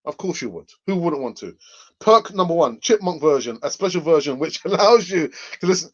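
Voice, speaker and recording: A man's voice: a little high, animated, fairly quick. A man hosting a casual live fan stream, joking, laughing often and reading out viewer comments. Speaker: host of a live fan channel. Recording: dull lo-fi microphone sound.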